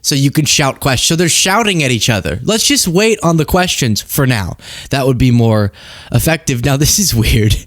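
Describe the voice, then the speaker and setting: A young man hosting a comedic political commentary show, sarcastic and animated, often laughing mid-sentence. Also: mid-range voice, moderate pace, no echo, studio quality.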